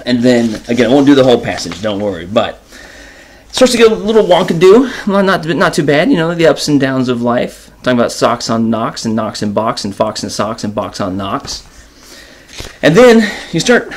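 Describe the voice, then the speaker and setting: Animated man hosting a casual lesson. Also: mid-range voice. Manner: animated, informal, many fillers. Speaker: host and teacher. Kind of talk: casual enrichment lesson, reading a children's book.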